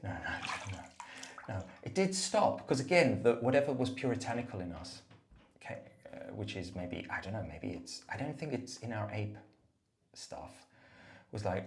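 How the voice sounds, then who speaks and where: Low-voiced man musing in a bathroom. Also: very animated, normal speed, roomy sound, a little hiss or hum. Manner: musing and meandering, self-mocking, drifting into soft murmurs. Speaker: brother recording a voice note. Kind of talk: rambling, reflective voice memo. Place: bathroom, at the bath. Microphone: phone voice note.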